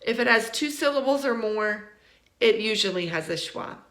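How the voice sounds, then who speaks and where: A woman teaching English pronunciation in a recorded lesson, saying each example word slowly and then repeating it for learners. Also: a little high, expressive, a bit bright, echoey room. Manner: slow, deliberate, repeats model words for learners.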